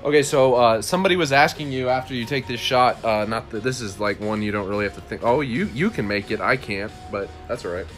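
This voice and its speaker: A man co-hosting a casual chat, asking questions in a halting way full of fillers and restarts. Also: mid-range voice, a bit bright, soft background music. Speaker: co-host.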